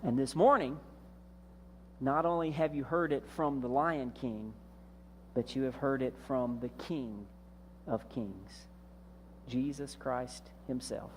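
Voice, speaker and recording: A man preaching a sermon as senior pastor. He tells a story, drawing out key words and letting phrases trail off softly. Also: mid-range voice, slow pace, pauses often, a little hiss or hum.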